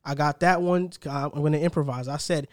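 A man's voice: on the high side, fairly even intonation, fairly quick. A young man hosting a casual sports podcast, chatty and upbeat, rambling a little as he talks. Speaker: podcast host.

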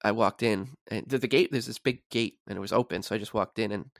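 Male podcast guest, low voice, dry sound, rambling storyteller. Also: quick pace, gravelly, no room sound. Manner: rambling, repeats words, many likes. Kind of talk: casual sports podcast chat.

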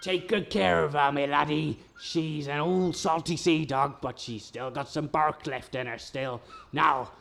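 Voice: medium pitch, fairly even intonation, a little slow, gravelly, few pauses, fairly bright tone. A performer playing a growling old pirate captain in an amateur radio comedy. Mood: gruff.

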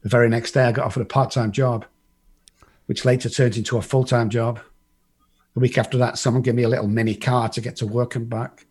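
A middle-aged English man tells his life story in a casual, blunt voice that has a husky edge. He swears freely and acts out other people's lines as he goes, and his pitch sits in an ordinary middle range. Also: level tone, brisk, darkish tone. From England.

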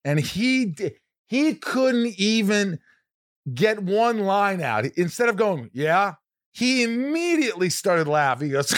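A man hosting a podcast, telling stories in a lively, animated way and swearing freely. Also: high-pitched, moderate pace, no room sound, studio quality. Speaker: podcast host. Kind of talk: casual chat.

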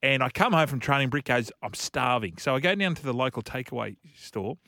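A man's voice: medium pitch, lively intonation, fast, bright, forceful tone, no echo, clean studio sound. A man co-hosting a sports radio show, telling stories in a jokey, laughing way. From Australia. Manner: storytelling, jokey, laughs easily. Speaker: radio co-host. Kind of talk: casual radio chat.

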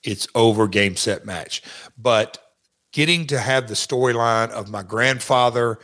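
Reminiscing about his time in wrestling, an interview guest speaks a little slowly in a medium, somewhat bright voice. His casual account rambles and keeps starting over.

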